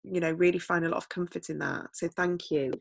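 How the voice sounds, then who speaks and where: A woman's voice: lowish voice, steady tone, fairly quick, gravelly, slightly rough, no echo. A woman hosting a podcast interview, speaking thoughtfully and a little hesitantly. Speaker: podcast host.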